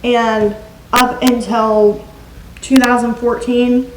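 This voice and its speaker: A woman's voice: on the high side, takes it slowly. Chatty woman vlogger in an echoey room. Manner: chatty and animated, fillers like "like". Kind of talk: casual storytelling to camera. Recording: echoey room with loud noise.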